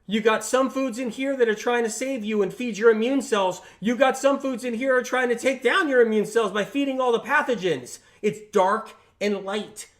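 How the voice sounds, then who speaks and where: A man with a notably high voice talks on a casual livestream. He speaks emphatically and repeats his points, often checking in with tag questions. He slips into lively voices when quoting friends. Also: normal speed, hardly any pauses. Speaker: health channel host on a livestream.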